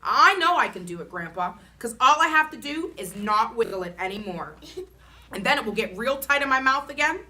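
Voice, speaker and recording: A woman voicing a loud, excitable first-grade girl who shrieks and carries on dramatically. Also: on the high side, fairly quick. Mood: insistent.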